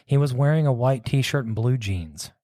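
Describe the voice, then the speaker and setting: A man's voice: mid-range voice, lively intonation, normal speed, dark tone, no room sound, studio quality. A man casually telling a long ghost story, rambling and circling back with "so anyways.". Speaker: podcast host telling a story.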